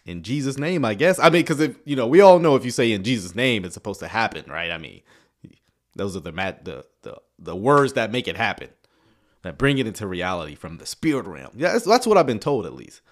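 A man's voice: fairly low pitch, big pitch swings, brisk. A man giving sarcastic reaction commentary on video clips, with chuckling asides.

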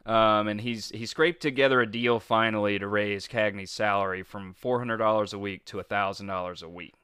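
Bright, crisp man telling a story. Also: fairly low pitch, fairly even intonation, normal speed, no room sound. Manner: storytelling, laughs often, many fillers. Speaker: podcast co-host. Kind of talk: casual chat.

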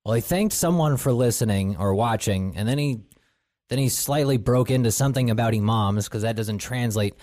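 A man's voice: medium pitch, moderate pace, a little mellow, dry recording, studio quality. A man co-hosting, casually cracking jokes about a video with profane asides. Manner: wisecracking, mock Japanese outbursts. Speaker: co-host reacting to a video. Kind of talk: casual profane reaction commentary.

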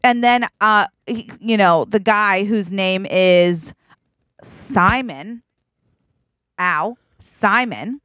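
A woman co-hosting a podcast, improvising a silly story in a playful, laughing manner. Her voice sits at an everyday middle pitch. The sound is dry and close. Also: extremely slow, a bit bright, clear, resonant tone, no echo. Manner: playful, laughs often, acts out quotes. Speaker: podcast co-host.

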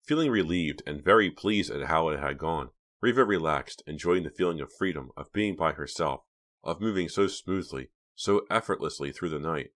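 A man narrating a teen thriller audiobook in an even, measured storytelling manner. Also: extremely low pitch.

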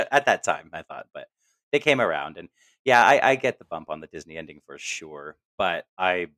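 A man co-hosting a casual film discussion podcast. He is animated, acts out quoted lines in his retellings and laughs often. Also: sits low, moderate pace, dry recording. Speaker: podcast co-host.

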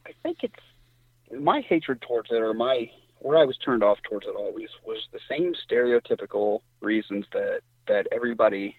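A middle-aged man from Indiana, a hunter telling stories in casual talk and jumping up in pitch when he quotes others. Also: normal speed, husky, no room sound. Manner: animated storyteller, voice jumps high when quoting others. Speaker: guest hunter. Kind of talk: casual storytelling. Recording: tinny phone line.

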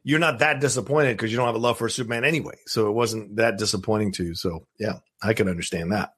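Husky-voiced man chatting casually. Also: on the low side, quick pace, a bit bright. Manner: rambling, many restarts and fillers. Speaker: podcast co-host. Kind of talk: casual chat.

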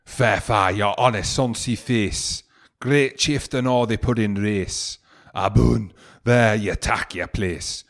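An Englishman putting on a broad Scottish poetry reciter. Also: fairly low pitch. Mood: mock-solemn. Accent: put-on Scottish. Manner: slow, broad, theatrical declaiming. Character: man doing a hammed-up old Scottish poetry recital.

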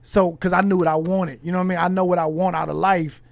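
A man's voice: sits high, level tone, gravelly, dry recording. A man hosting a podcast who speaks casually and reflectively, often restarting his sentences. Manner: reflective, halting, with many restarts. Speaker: podcast host. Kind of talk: casual conversation.

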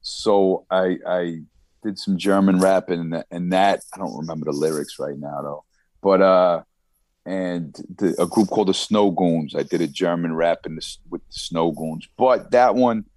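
Long Island rapper, very low voice, dry close sound, easygoing and rambling. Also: male voice, normal speed, a little mellow, dry recording. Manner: laid-back, rambling with many restarts. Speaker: rapper guest. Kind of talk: casual interview chat.

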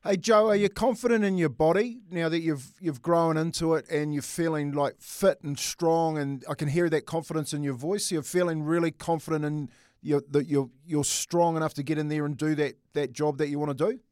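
A man's voice: fairly high pitch, steady tone, moderate pace, a little mellow, dry recording, studio quality. A man co-hosting a radio interview, asking friendly, rambling questions.

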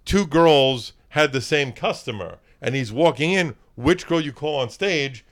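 A man's voice: fairly high pitch, animated, unhurried, fairly bright tone. A man who is a podcast guest in casual chat, telling loose stories about his old job as a club DJ and swearing freely.

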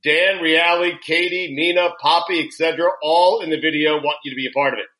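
A man hosting a casual comedy podcast, telling stories in an animated way, laughing often and swearing freely. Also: on the high side, a little fast, poor audio. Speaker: podcast host.

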